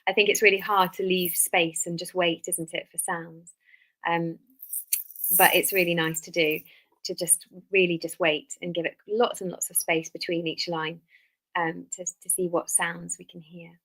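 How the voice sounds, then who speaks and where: A woman's voice: lowish voice, moderate pace, rough recording. Female music session leader, easygoing webinar delivery, frequent fillers. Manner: relaxed, many ums. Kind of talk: webinar teaching.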